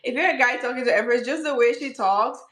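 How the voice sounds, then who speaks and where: A woman's voice: a little high, fast talker, fairly bright tone, roomy sound, low-quality recording. A woman hosting a casual skincare channel chat, teasing her friend and laughing often.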